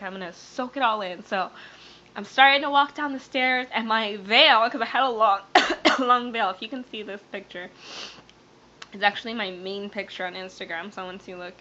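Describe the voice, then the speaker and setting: A woman's voice: mid-range voice, pushed and bright, a little hiss or hum. A young woman vlogger, tearful and rambling, telling a personal story to camera with many fillers and restarts. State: teary, near crying. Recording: dull lo-fi webcam sound.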